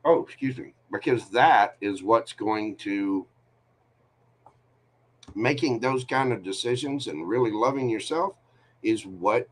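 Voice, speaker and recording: A man hosts a live tarot reading, talking at a middle pitch. His advice comes out candid and rambling, full of jokes. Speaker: tarot reader host. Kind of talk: live-stream reading chat.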